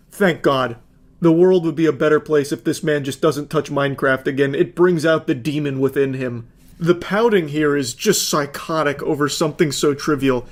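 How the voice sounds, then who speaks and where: A man's voice: fairly high pitch, normal speed. Sarcastic profane man reacting to texts. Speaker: commentary host. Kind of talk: reacting to text messages with commentary.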